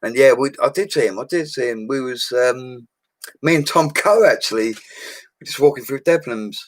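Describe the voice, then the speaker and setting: Here the man speaks at a medium pitch and moderate pace, in a dry recording made in his home studio. As a livestream host, he reads viewer comments in a chatty, upbeat, slangy manner, often breaking into laughter.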